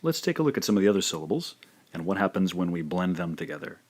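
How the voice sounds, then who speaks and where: A man with a fairly low voice narrates a language lesson. He speaks slowly and carefully and says each sound twice so learners can follow. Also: sing-song. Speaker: language teacher.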